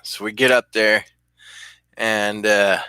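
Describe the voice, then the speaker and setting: Bright, profane man telling stories. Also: lowish voice, little pitch movement, slow, clean tone, no echo. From California. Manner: profane, rambling, laughs often. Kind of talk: casual storytelling.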